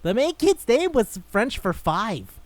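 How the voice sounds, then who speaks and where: A man co-hosting a podcast rambles through casual chat, swearing freely and laughing often. His voice is very high and sing-song, he speaks slowly, and there's no room sound.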